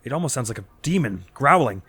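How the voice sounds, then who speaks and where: A man's voice: medium pitch, animated, fast, a bit bright, husky, no echo. A man voicing a jittery, superstitious castle worker in a nervous, fretful read-aloud delivery.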